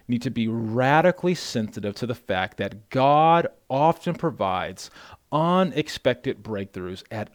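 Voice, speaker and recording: A man who is a pastor, preaching an emphatic, exhorting sermon that swings from hushed to loud and often addresses the listeners as folks. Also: mid-range voice, no echo, studio quality.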